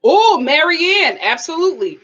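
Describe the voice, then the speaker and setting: A woman hosting a live TV review, talking in an expressive, animated way and responding to viewers. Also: very high-pitched, normal speed, muffled recording. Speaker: host of a TV review channel.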